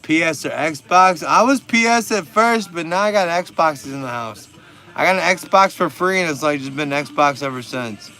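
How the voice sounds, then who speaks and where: A man's voice: fairly high pitch, normal speed, pushed and bright. A man, hosting a casual livestream and bantering with viewer comments in laid-back, profane slang. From Texas. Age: 40s. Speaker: livestream host.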